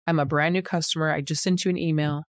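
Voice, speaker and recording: Woman asking steady interview questions. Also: sits low, fast, no room sound, studio quality. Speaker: co-host. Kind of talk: casual business podcast chat.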